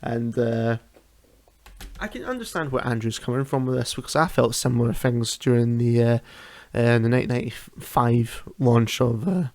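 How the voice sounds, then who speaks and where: A man's voice: mid-range voice, creaky, a little mellow, no room sound. A man hosting a solo podcast from home, chatting casually, often laughing and restarting his sentences. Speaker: podcast host. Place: home at night.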